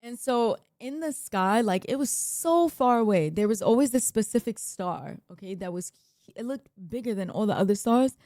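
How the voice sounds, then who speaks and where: A woman with a New York accent telling a long, profane story in a casual, animated way, shouting out the lines she quotes. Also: a little high, moderate pace, dry recording, clean studio sound. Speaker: streamer.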